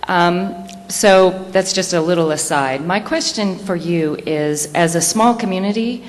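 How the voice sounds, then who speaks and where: A woman's voice: on the low side, measured pace. A woman from a small town in Missouri asking a question from the audience, hesitant and full of fillers. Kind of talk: question from the floor. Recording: reverberant hall, faint noise.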